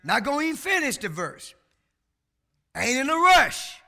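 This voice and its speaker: A man preaching a sermon who shouts his key words and banters with the congregation in folksy asides. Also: very high-pitched, very animated, normal speed, creaky.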